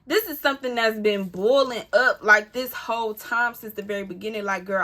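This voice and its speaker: Bright-voiced woman telling a story. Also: medium pitch. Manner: animated, emphatic, addresses listeners as y'all; candid and profane, talks back to her rival. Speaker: storytime vlogger. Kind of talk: casual storytelling to camera.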